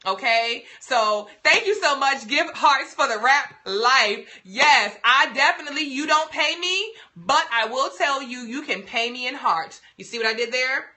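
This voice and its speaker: A woman's voice: high-pitched, expressive, unhurried, hardly any pauses, pushed and bright. A young woman hosting a casual livestream, giving beauty tips in a sassy, playful, emphatic way.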